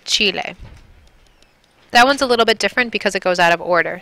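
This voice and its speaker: A woman's voice: medium pitch, pushed and bright, clear, resonant tone, dry recording. A woman from Milwaukee, Wisconsin, teaching a Spanish lesson, patiently repeating and drilling words. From Milwaukee, Wisconsin, USA. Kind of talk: recorded classroom lesson.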